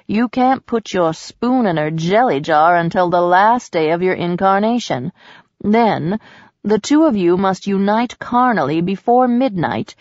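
A woman's voice: medium pitch, darkish tone, dry recording, lo-fi sound. Woman voicing bawdy, joking male love god. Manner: blunt, teasing, crude humor.

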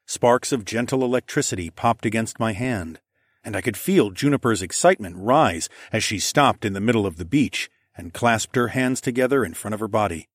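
Low-voiced male audiobook narrator. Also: lively intonation, moderate pace, no room sound, studio quality. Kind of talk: first-person fantasy audiobook narration.

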